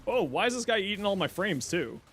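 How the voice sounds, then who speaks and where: A man with a high, brisk voice streams a video game live, reacting out loud in a casual, animated way. He exclaims and talks to himself as he plays.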